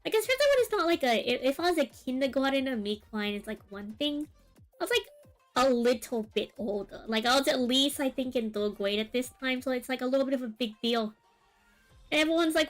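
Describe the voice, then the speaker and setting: Over soft background music, a young art streamer chats while drawing, her high, animated voice fairly bright and a little fast. The long personal story she tells wanders casually, crammed with fillers and tangents.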